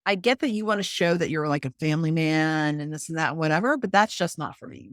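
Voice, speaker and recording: A woman hosts a podcast in a casual, frank chat, with firm opinions. Her voice is very low for a woman. The recording is dry, with no room echo. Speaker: podcast host.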